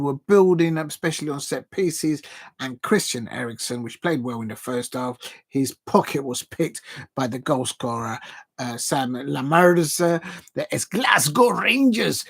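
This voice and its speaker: Gravelly-voiced man rambling through live football. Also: on the high side. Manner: rambling and excitable, with frequent restarts and self-corrections; casual slang, chatty asides to viewers. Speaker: football watch-along streamer. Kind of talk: live football watch-along commentary.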